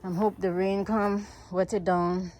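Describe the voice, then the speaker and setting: A woman's voice: mid-range voice, flat delivery, a little slow, background noise. An American woman chatting casually to her viewers while gardening outdoors, out of breath from digging in the heat. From United States. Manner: chatty, rambling, addresses viewers as guys. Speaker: vlogger. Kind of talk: casual farm vlog. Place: outdoors on a farm.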